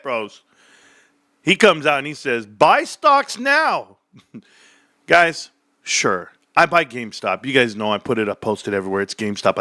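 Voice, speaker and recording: A man hosting a casual stock market livestream, ranting animatedly and swearing, jumping between loud bursts and low mutters. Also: no echo, clean studio sound.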